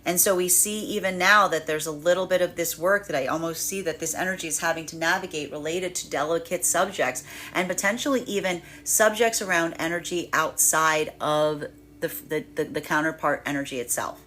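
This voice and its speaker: A woman's voice: low-pitched, fairly quick, fairly bright tone. A woman giving a tarot reading in a rambling way, repeating words and laughing often. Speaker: tarot reader. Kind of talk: live tarot reading monologue.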